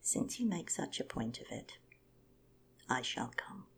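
A woman's voice: a bass voice, sing-song, a little slow, gravelly, slightly rough, exaggerated voice. A woman whispering as a pompous boastful condor king. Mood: grudging. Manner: boastful, self-important. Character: arrogant pompous male condor, king of birds.

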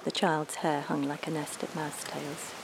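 A woman narrating a storybook in a measured, expressive way, sometimes dropping almost to a whisper. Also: sits low, background noise.

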